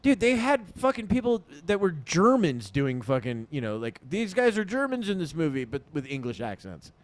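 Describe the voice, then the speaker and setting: A man in loose, crude podcast banter, his pitch bouncing up and down as he talks. He is blunt and teasing, quick to swear at his co-hosts. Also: sing-song. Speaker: podcast co-host. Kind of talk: casual chat.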